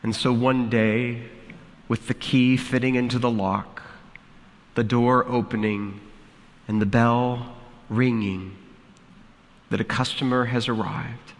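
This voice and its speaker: Slow deliberate male pastor. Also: medium pitch, steady tone, big-room sound. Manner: slow, deliberate dramatic storytelling. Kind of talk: sermon.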